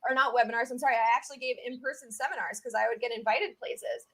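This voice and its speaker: A woman with a Southern US accent, talking as an expert guest in a casual interview, chatty and animated with many fillers. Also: a little high, fast talker.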